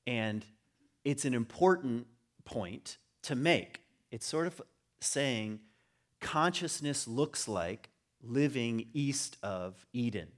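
A middle-aged man speaks to a gathering in an unscripted lecture, his voice sitting at an ordinary pitch. He drifts between casual asides and bursts of animated emphasis. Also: slow pace. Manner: conversational, rising to animated emphasis. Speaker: speaker on religion and home. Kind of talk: informal lecture to a group.

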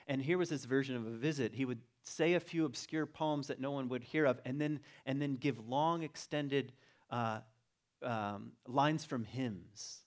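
A man's voice: mid-range voice, unhurried. Man telling a family story, conversational. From Virginia. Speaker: teacher giving a talk. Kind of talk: personal storytelling talk.

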